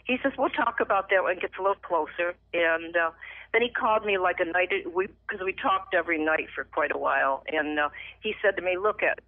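A middle-aged woman telling her personal faith testimony as a radio guest, emotional and animated, acting out the voices in her story. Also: on the low side, a little fast, no room sound. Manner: emotional, animated retelling with lively acted quotes. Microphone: phone. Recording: tinny dry phone line.

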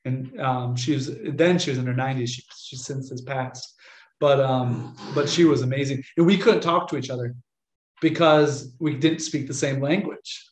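A young American man, a Catholic priest, telling stories to an audience in a chatty, animated way and acting out the voices of people he quotes. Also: mid-range voice, moderate pace. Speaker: Catholic priest giving a talk. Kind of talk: casual storytelling lecture. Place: room with an audience. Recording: echoey lecture room.

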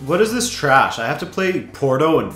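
A man commentating his own football video game, muttering then yelling with excitement, his voice going hoarse. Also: on the high side, moderate pace, echoey room, soft background music. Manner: excitable, swings from mutters to shouts. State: losing his voice. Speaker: gaming YouTuber.

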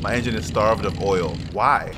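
A young man streaming a driving game, talking casually and cursing excitedly at other players. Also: on the low side, moderate pace. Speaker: gaming streamer. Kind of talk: casual gameplay commentary. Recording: loud game engine noise behind. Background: car engine and game sounds.

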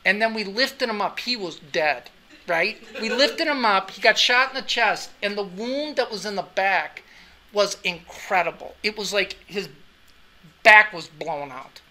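Speaking a little slowly in a high-pitched, bright and forceful voice, a middle-aged anatomy and physiology teacher tells his class a chatty story. He often adds "right?" as he goes, with students present in the classroom.

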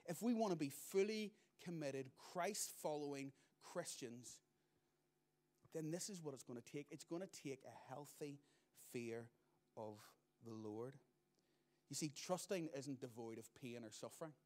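A man's voice: medium pitch, unhurried, a little mellow. Man preaching with swinging emphasis. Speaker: pastor. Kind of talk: sermon.

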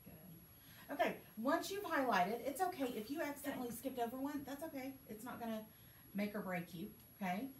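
A woman's voice: fairly high pitch, lively intonation, moderate pace, a little hiss or hum. A woman teacher, leading a reading lesson with patient, encouraging questions. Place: school classroom. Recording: echoey classroom from far off.

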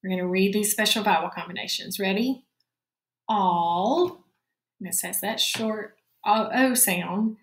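A woman teacher talks young children through a spelling lesson at an unhurried, deliberate pace. Each word is said plainly and repeated. The room around her has a noticeable echo. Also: medium pitch. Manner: slow, clear dictation, repeating each word.

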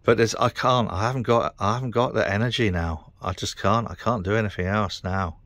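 A man's voice: fairly low pitch, brisk, fairly bright tone, no room sound, clean studio sound. A middle-aged man with a British accent, ranting to camera in a frustrated, sweary, rambling way. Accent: British English. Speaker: vlogger. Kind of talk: casual rant to camera.

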